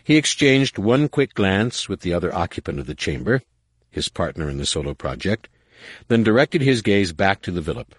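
A man reading scripted audiobook narration in a measured, even way. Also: sits low, husky, no room sound.

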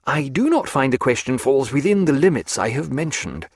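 A man's voice: mid-range voice, sing-song, normal speed, breathy edge, no echo. A man voicing a composed naval doctor who answers questions with dry, precise, formal evasions.

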